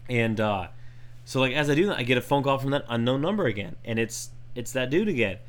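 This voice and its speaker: A man co-hosting a podcast and telling a story in casual chat, animated and jumping into high voices when he quotes people. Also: quick pace. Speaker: podcast co-host.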